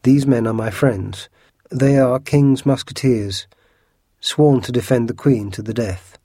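A man's voice: mid-range voice, unhurried, mellow, slightly rough, no echo, studio quality. A man reading a storybook, voicing a rash and eager young swordsman. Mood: reassuring. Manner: impulsive, eager.

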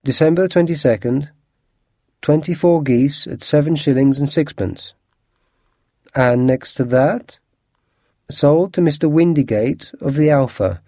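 Guy doing a hot-headed goose seller, loud and pushy, working-class talk, dry sound. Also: on the high side, animated, measured pace, long pauses, no echo, voice pushed up. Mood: triumphant. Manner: blustering, indignant, working-class grammar. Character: gruff cockney male goose seller, quick-tempered.

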